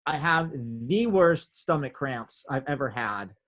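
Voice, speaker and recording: A man telling a story in a casual interview, animated, filling his talk with "like" and acting out quotes. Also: on the high side, measured pace. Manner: animated, many "like" fillers, acts out quotes. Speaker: podcast guest, drummer.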